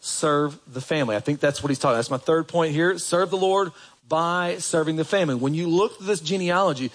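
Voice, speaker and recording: A man preaching a sermon in a conversational way, putting questions to the congregation. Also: fairly quick. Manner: animated, jumps up in pitch for emphasis. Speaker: pastor.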